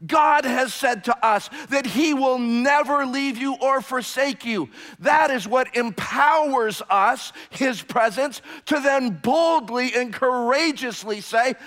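Man preaching, high voice, slow deliberate delivery, shouts then hushes, church hall echo. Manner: swings from hushed to shouting, emphatic repetition. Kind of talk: sermon. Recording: long hall reverb.

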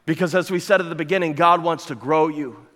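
A man preaching a sermon as pastor, his voice sitting a touch high for a man. He presses his points with repetition and rhetorical questions. The sound rings out with a long reverb, as in a big church sanctuary. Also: steady tone, brisk, a bit bright. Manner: emphatic, building with repeated phrases and rhetorical questions.

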